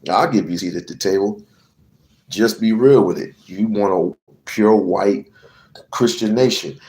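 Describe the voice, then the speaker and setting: A man's voice: fairly low pitch, measured pace, darkish tone. A man giving a heated political rant to camera, profane and emphatic, hammering on repeated phrases. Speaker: political commentator.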